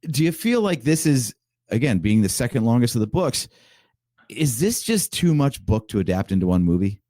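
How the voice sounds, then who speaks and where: A man's voice: medium pitch, big pitch swings, normal speed, mellow, no echo, studio quality. A man co-hosting a podcast in casual chat, joking around and laying out his thoughts analytically. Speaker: podcast co-host.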